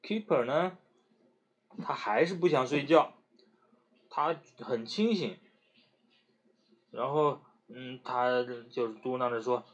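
A man reading a bedtime story to a child, slow and gentle with lots of hesitant fillers. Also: medium pitch.

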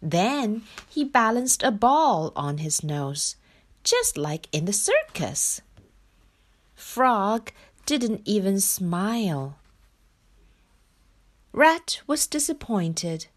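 A woman from China reading a children's picture book aloud in a slow, expressive storytelling manner. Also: mid-range voice. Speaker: storybook reader.

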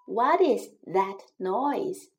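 A woman reading a children's story aloud and translating it line by line, then teaching it like a gentle, clear teacher. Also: medium pitch, lively intonation, very slow. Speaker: bilingual storyteller and English teacher.

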